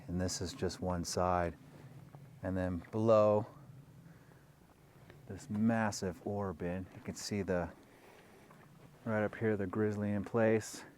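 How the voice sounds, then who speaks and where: A man's voice: deep voice, darkish tone, slight background noise. A man guiding viewers around an old mine site outdoors, slightly winded from the climb. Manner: slow, easygoing guiding commentary. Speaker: exploration vlogger. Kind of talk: casual narrated hike.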